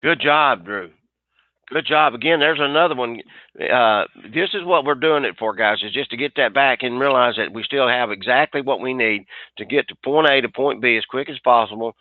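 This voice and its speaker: A man's voice: medium pitch, normal speed, no room sound. A man, a sales trainer, coaching a group on a webinar; he talks with energy, restarts often and acts out bits of dialogue. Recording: dry, tinny phone-like line.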